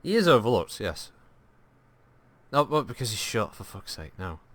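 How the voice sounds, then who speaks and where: Bright-voiced man joking through gameplay. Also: lowish voice, big pitch swings, normal speed, no echo. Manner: joking, rambling, swears, answers chat. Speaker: gaming streamer. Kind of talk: live gameplay commentary.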